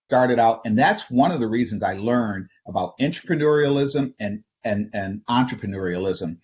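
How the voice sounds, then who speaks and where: A man's voice: medium pitch, a little mellow. Man, middle-aged, from Flint, storytelling talk, chuckles and restarts, lo-fi audio. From Flint, Michigan. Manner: conversational, chuckles often, frequent restarts. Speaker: invited speaker. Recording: dull lo-fi recording.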